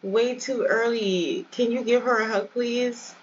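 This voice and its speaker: A woman's voice: on the high side, fairly even intonation, a little slow, lo-fi sound, slight background noise. A woman hosting a let's play, giving chatty, casual commentary and addressing viewers directly.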